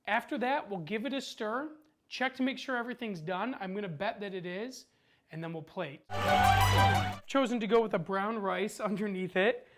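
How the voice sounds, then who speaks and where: An upbeat cooking show host leads a casual demonstration, walking the viewer through each step of the recipe in a relaxed, chatty way. Her mid-range voice moves at normal speed over loud music.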